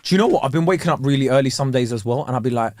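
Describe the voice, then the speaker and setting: A man co-hosting a podcast, ranting in a loud, emphatic, comic way. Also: medium pitch, racing, no room sound, studio quality. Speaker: podcast co-host. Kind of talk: casual chat.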